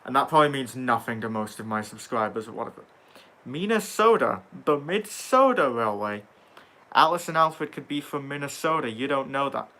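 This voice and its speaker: A young man with a bright, forceful voice chats casually on a livestream. He reads viewer comments aloud and answers them with dry sarcasm and offhand swearing. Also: medium pitch, steady tone, fast, hardly any pauses. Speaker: livestream host reading chat.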